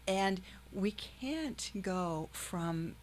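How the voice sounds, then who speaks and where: A woman hosting an interview, who works in hypnosis, speaking in a calm, measured, affirming way. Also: mid-range voice, slight background noise. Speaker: podcast host, hypnosis practitioner. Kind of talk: conversational interview.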